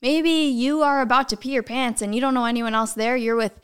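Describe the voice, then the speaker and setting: Smooth-voiced young woman chatting casually. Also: on the high side, steady tone, fairly quick. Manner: chatty, giggly, lots of "like". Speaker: guest. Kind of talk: casual chat.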